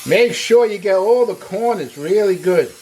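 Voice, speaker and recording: A man's voice: high voice, animated, a little slow, darkish tone, a little hiss or hum. A man hosting a casual cooking demonstration, chatty and upbeat as he explains each step while he works. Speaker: cooking show host. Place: home kitchen.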